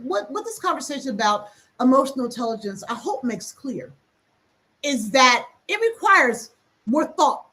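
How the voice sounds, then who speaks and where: A woman hosting a reflective teaching talk, speaking emphatically and acting out quick asides. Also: sits high, fairly bright tone. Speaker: host.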